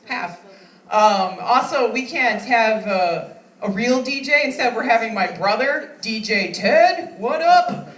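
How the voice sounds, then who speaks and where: A woman's voice: fairly high pitch, measured pace, a bit bright. A woman in her thirties doing stand-up comedy, chatty and self-mocking, laughing often. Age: 30s. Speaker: stand-up comic. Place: comedy club stage. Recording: echoey room, mic at a distance.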